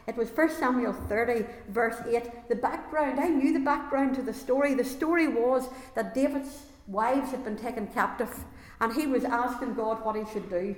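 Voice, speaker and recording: A woman giving an earnest, emotional personal faith testimony to a gathering. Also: on the high side. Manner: earnest, emotional, growing intense. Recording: echoey hall with long reverb.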